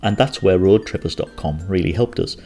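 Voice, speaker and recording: A deep-voiced man recalls a trip in an easygoing, rambling way, stopping now and then to correct himself. Soft music plays faintly behind him. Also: a little fast. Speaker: travel storyteller. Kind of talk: casual travel recollection.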